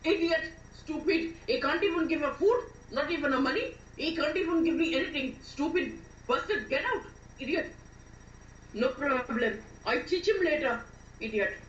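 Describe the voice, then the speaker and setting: A woman acting in a radio drama, playing a furious foreign woman who scolds her jobless boyfriend in with shrill, tearful outbursts. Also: expressive, normal speed, slight background noise. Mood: muttering. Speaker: actor and playwright. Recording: echoey, distant, dull low-fi.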